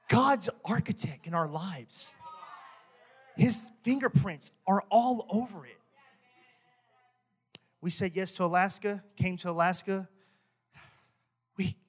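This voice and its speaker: Young male minister, high voice, lively joking testimony with frequent laughs. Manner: animated, joking, laughs often. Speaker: church minister. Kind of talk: testimony sermon. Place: church.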